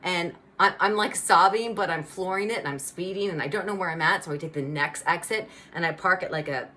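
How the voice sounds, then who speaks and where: Animated woman telling her testimony. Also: on the low side, brisk, a little hiss or hum. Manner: animated, conversational storytelling with lots of "like" and "you know". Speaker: speaker giving a personal testimony. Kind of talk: personal faith testimony storytelling.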